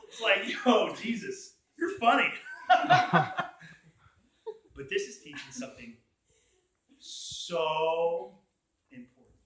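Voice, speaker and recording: Bright-voiced young man teaching in an echoey room. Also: sits high. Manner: animated, acts out quotes, asks the room questions. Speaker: college group teacher. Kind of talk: casual Bible teaching to a group. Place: room with a group listening.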